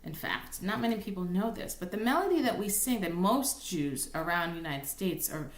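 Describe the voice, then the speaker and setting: A woman cantor giving a recorded lesson, explaining patiently and thinking aloud, now and then breaking into slow sung examples. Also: on the low side, sing-song. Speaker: cantor teaching a class. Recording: roomy, echoey room sound.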